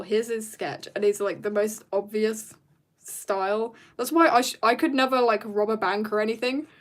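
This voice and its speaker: An artist streamer with a mid-range voice chats while she draws, rambling along with jokes and slipping into soft mumbling at times. There's a slight background noise in the recording.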